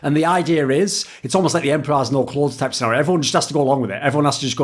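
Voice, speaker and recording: A man's voice: mid-range voice, rapid-fire, hardly any pauses, noisy background. A man hosting an interview who asks long, explanatory questions. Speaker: interview host. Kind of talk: casual interview.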